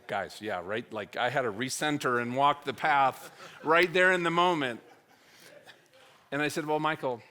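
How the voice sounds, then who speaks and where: A middle-aged man speaking at a church, telling a personal story and acting out the conversations in it. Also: medium pitch. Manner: animated, acts out dialogue with wide swings in loudness.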